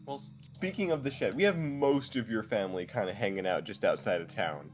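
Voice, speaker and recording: A man's voice: fairly low pitch, a little fast, soft background music. A man playing in a tabletop role-playing game, chatting in an offhand way with hesitant restarts. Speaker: player. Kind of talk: casual chat during a tabletop game.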